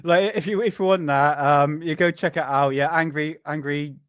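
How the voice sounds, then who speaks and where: The host of a live UFO show, a man from England, has a slightly high, fairly bright, clear and resonant voice with fairly even intonation and normal speed, with no room sound. He chats loosely with viewers, rambling, laughing and reacting to clips.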